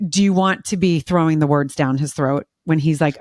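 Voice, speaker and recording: A woman's voice: low voice, moderate pace, darkish tone, no room sound, clean studio sound. A woman hosting a podcast interview, talking in a chatty, rambling storytelling way with lots of fillers. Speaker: podcast host. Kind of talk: casual interview talk.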